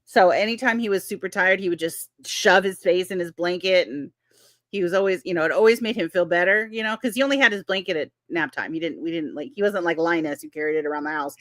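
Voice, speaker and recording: A woman's voice: on the low side, fast talker, a bit bright, no echo, studio quality. A woman in her fifties hosting a casual chat, laughing often and telling stories with animation. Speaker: host. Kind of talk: casual chat reading live comments.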